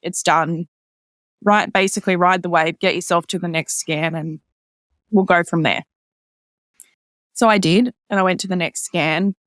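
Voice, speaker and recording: A woman's voice: fairly even intonation, measured pace, long pauses, fairly bright tone, no room sound, studio quality. A woman guest in casual conversation, telling a personal story with many "like" fillers and quoting others in a lifted voice. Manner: acts out others' lines in a higher voice. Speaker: podcast guest.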